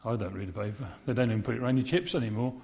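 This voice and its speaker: A man's voice: mid-range voice, very fast, vocal fry, mellow. A man giving a sermon in a conversational way, asking his listeners rhetorical questions. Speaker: preacher. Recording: long reverb of a large hall.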